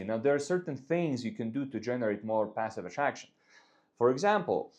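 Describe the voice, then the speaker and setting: A man's voice: fairly low pitch, darkish tone. A man giving casual dating advice, talking loosely through examples.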